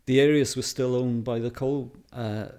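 A middle-aged Welsh man talks at an easy, storytelling pace. He fills his sentences with ums and little laughs and sounds relaxed and conversational. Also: mid-range voice, normal speed. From Wales. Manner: chatty, anecdotal, laughs often, many fillers. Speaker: photographer guest. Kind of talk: casual interview chat.

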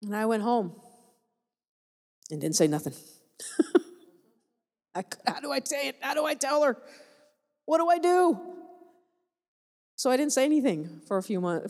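A woman's voice: mid-range voice, darkish tone. A woman missionary giving a personal testimony to a church audience, telling her story with animation, laughter and repeated phrases for emphasis. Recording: echoey hall reverb.

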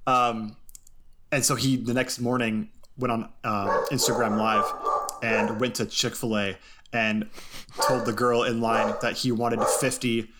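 A man's voice: mid-range voice, little pitch movement, a little slow, very noisy. Rambling, laugh-prone man chatting. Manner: rambling storyteller, laughs often, many ums. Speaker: podcast host. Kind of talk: casual chat.

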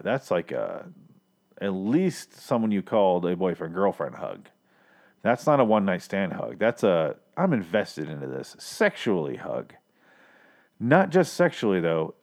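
A man's voice: on the low side, big pitch swings, measured pace, a little mellow. A man recapping a TV episode in a crude, rambling, joking way. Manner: crude, rambling, jokey asides. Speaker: show recapper. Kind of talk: casual comedic recap.

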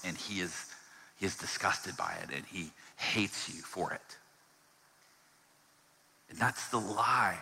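A man preaching a sermon as a pastor in a church, earnest and emphatic, moving between hushed, slow passages and loud, driving ones. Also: sits low, big-room sound. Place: church hall.

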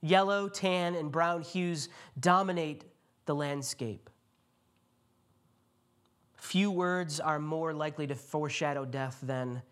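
A male pastor giving a sermon, retelling a scripture story and speaking the quotes in a quieter voice. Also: on the high side, takes it slowly, long pauses. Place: church.

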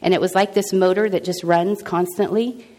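A woman's voice: lowish voice, fairly even intonation, normal speed, a little mellow. Earnest woman telling a faith testimony. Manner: earnest, conversational, many restarts and quoted dialogue. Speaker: speaker sharing a personal testimony. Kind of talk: faith testimony, casual storytelling.

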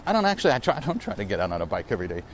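A man's voice: on the low side, huge pitch swings, very fast, a little hiss or hum. Reflective man rambling on a bike ride. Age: 40s. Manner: rambling, reflective and self-correcting. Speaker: podcast host. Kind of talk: casual solo podcast monologue. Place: outdoors on a bike ride through a park.

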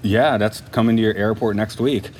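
A man's voice: on the low side, fairly even intonation, normal speed, a little mellow, slight background noise. A man co-hosting a casual film podcast, laughing often and trailing off with fillers. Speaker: podcast co-host. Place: lives in Japan.

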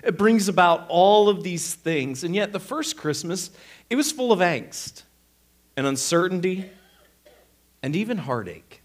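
A man with a high, light voice preaches to his congregation. He tells a story from home and acts out both sides of the conversation with lively energy before turning to the message. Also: measured pace. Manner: animated storyteller, acting out both sides of a dialogue. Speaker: pastor. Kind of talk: sermon with personal storytelling.

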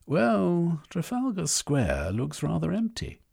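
A man's voice: on the high side, wildly swooping pitch, takes it slowly, vocal fry, darkish tone, breathy edge, voice pushed up, full character voice. A man voicing a cautious, suspicious male revolutionary. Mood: wary.

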